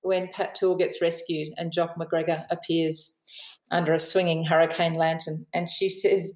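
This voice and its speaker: A woman's voice: low-pitched, level tone, moderate pace, a little mellow, echoey room, rough recording. A woman author with an Australian accent, telling stories in a podcast interview, chatty and laughing often. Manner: chatty storyteller, laughs often, mimics the people she quotes. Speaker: author and aviation writer, guest.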